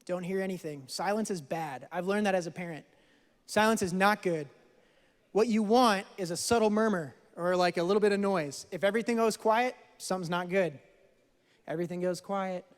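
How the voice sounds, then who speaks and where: High-voiced young pastor in echoing hall. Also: male voice, moderate pace. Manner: storytelling, animated, swings from hushed to loud. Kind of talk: sermon. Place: church hall. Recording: church hall with long reverb.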